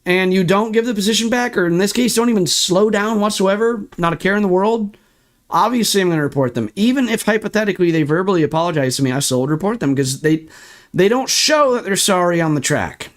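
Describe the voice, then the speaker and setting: A man's voice: high voice, animated, quick pace. A young man streaming sim racing, ranting in frustration and swearing while walking through replay footage. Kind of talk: ranting livestream commentary.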